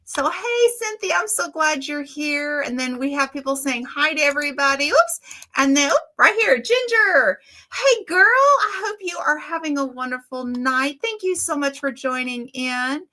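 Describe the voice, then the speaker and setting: A woman's voice: high-pitched, animated, normal speed, sharp tone. A middle-aged woman, hosting a casual livestream and greeting viewers by name in a chatty way. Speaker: livestream host. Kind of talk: casual live chat.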